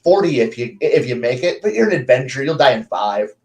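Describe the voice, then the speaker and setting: A man voicing an aloof ancient male dragon who speaks in a bored, dismissive, drawn-out way. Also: mid-range voice, sing-song, a little mellow, rough recording. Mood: condescending.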